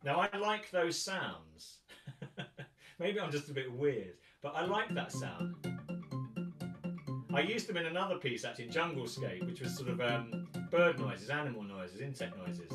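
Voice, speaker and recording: A man from England teaching a guitar workshop, thinking aloud in a relaxed way and singing rhythms to count them out. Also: on the high side, a little slow. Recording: roomy, distant mic with loud guitar.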